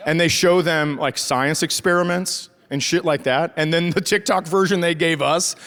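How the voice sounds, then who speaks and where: A stand-up comedian, a middle-aged man from the Midwest, delivers sardonic, profane material on a theater stage and plays the people he describes. He talks at a moderate pace in a fairly high, fairly bright voice. His stage microphone captures the live audience laughing throughout.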